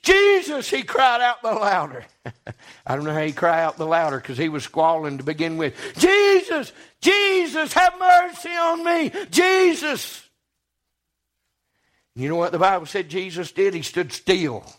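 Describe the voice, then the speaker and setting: A man preaching a sermon, impassioned, dropping low and then rising to shouts. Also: animated, moderate pace. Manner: impassioned, swings between hushed and shouting.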